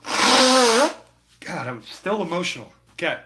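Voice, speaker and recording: A man's voice: on the high side, normal speed, pushed and bright. A man chatting casually with his live-stream chat while he paints, laid-back and full of slang. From Utah. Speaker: livestreaming painter.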